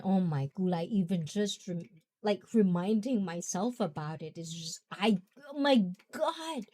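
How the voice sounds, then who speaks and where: A woman's voice: mid-range voice, dark tone. A young woman hosting a casual talk, rambling and chatty, often laughing. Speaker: host.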